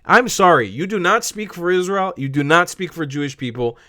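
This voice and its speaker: Guy ranting angrily at a clip, swears a lot, kinda high voice, dead dry room. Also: lively intonation, brisk, pushed and bright, no room sound. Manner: swearing, angry, repeats himself. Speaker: reaction video host. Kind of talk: heated reaction commentary.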